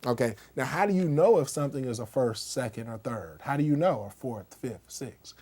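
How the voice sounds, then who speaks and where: With lively intonation and a slightly rough, somewhat mellow mid-range voice, a man teaches a casual music lesson at normal speed. He talks conversationally, plays examples on a keyboard, and often asks "okay?" or "right?".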